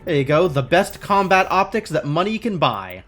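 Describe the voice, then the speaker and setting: A man's voice: on the high side, very animated, normal speed, a bit bright, faint music behind. A young man streaming a game live, chatting casually with wry, sarcastic asides while he plays. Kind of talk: casual live gameplay commentary.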